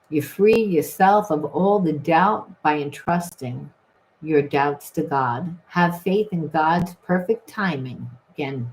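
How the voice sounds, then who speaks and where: A woman's voice: sits low, poor audio. A woman giving a rambling, emphatic spiritual reading, full of restarts and repeated phrases. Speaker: tarot reader.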